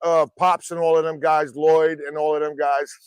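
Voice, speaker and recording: A man with a noticeably high voice tells wrestling stories on a podcast, lively and full of swearing. His voice is recorded close and dry, with no room sound. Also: normal speed, clean tone, dry recording. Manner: animated, profane anecdotes. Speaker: wrestling trainer. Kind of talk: casual podcast storytelling.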